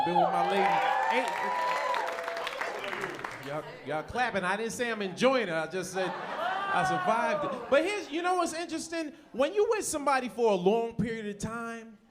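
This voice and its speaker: A man doing stand-up comedy on a club stage, his voice high and swinging widely as he punches lines out. The live recording carries a loud audience and steady room noise behind him. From United States. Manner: animated, loud punchy delivery with shouted bits.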